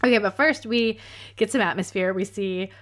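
A woman's voice: mid-range voice, moderate pace, a bit bright. A woman casually recapping a movie in a chatty, playful way, laughing often.

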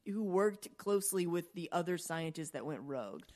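A woman with a fairly low voice co-hosts a podcast in loose, casual chat. She rambles through lots of fillers and restarts and swears freely. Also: animated, moderate pace, darkish tone. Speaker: podcast co-host.

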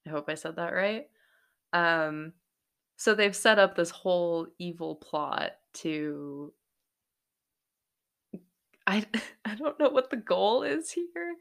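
A woman's voice: on the low side, vocal fry, a bit bright. A young woman recapping a TV episode in casual, chatty talk, swearing freely and breaking into exclamations. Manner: chatty and profane, exclaiming in bursts. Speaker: TV recap host.

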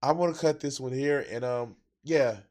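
A man's voice: mid-range voice, normal speed, darkish tone. A man hosting a reaction video, talking casually with profane, exasperated outbursts.

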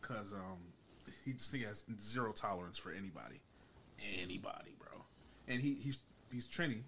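A man's voice: on the low side, moderate pace, a bit bright, slight background noise. A man hosting a casual podcast, telling profane stories about work. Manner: profane, storytelling, laughs often. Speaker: podcast host and paramedic.

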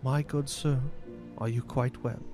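Man voicing a gentle, old-fashioned butler in a tabletop game, over music. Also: mid-range voice, lively intonation, slow pace. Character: kindly weathered old male butler, gentle and courteous.

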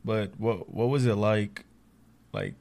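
A man's voice: lowish voice, wildly swooping pitch, slow pace, vocal fry, darkish tone. A young man hosting a casual chat, asking questions and teasing his friend in loose slang. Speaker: podcast host.

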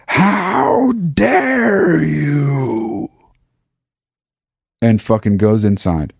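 A man's voice: lowish voice, dry recording, studio quality. A man hosting his own podcast, telling a story in a loose, rambling, profane way. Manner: profane, rambling, animated retelling. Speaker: podcast host. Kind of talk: casual storytelling monologue.

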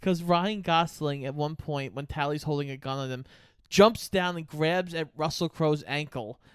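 A podcast co-host chatting casually about a movie, relaxed and chiming in with brief remarks. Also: mid-range voice, normal speed, clear, resonant tone, dry recording, studio quality. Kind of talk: casual movie recap chat.

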